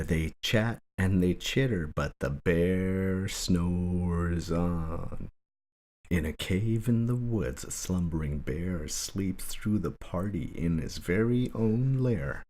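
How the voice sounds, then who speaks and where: Deep slow-reading man. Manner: slow, gentle, rhythmic reading. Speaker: storybook reader. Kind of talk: bedtime story read-aloud.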